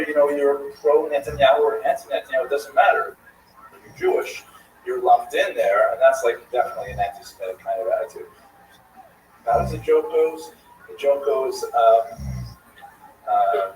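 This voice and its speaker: A man hosting a livestream discussion in a casual, animated way. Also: medium pitch. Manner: animated, tells jokes. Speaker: livestream host. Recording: echoey room from far off, faint noise.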